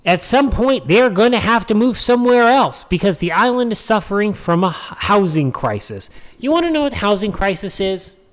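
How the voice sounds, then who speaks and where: Hosting a political commentary monologue, this man has a high, very animated voice and a moderate pace. His opinion piece is full of sarcasm, with mocking voices for quotes and emphatic, repeated points.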